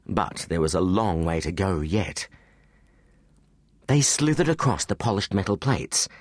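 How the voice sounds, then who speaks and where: A man's voice: lowish voice, no room sound, studio quality. A man narrating an action story for teens as an audiobook reader, telling it expressively. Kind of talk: scripted narration. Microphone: close studio mic.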